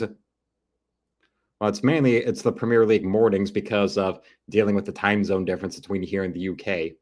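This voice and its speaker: Low-voiced man joking through a live stream. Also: steady tone, normal speed, a little mellow. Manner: rambling, joking, crude asides. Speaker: streamer watching a football broadcast. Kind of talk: casual live-stream commentary.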